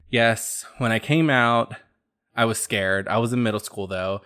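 A man's voice: fairly low pitch, measured pace, clear, resonant tone. A man hosting a podcast, chatting casually and sassily about pop culture gossip. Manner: sassy, chatty, animated storytelling. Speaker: podcast host.

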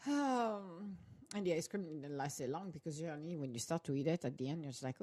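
A woman hosts a relaxed, rambling chat while she eats. Her voice sits low, and she laughs easily as she drifts from one thought to the next. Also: brisk. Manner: chatty, rambling, laughs often. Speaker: podcast host. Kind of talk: casual chat while eating.

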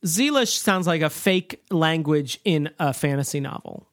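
A man's voice: fairly high pitch, expressive, a little slow, dry recording, studio quality. A man co-hosting a podcast, recapping a film in a rambling, joking way with lots of ums. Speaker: podcast co-host.

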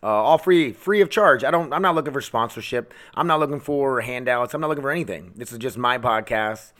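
A man's voice: mid-range voice, brisk, a bit bright. A man hosting his own podcast from home, ranting bluntly and angrily with a lot of swearing. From United States. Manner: profane, blunt, goes off on rants. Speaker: podcast host. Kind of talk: angry ranting monologue.

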